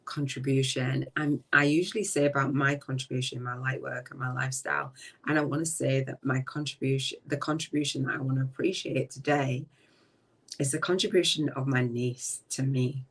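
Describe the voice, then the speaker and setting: A middle-aged woman hosting a live-streamed spiritual talk from a relative's home. She speaks slowly and reflectively, trailing off and often dropping to a soft voice. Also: rumbling low, steady tone, breathy edge. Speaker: podcast host. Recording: voice distant from the mic.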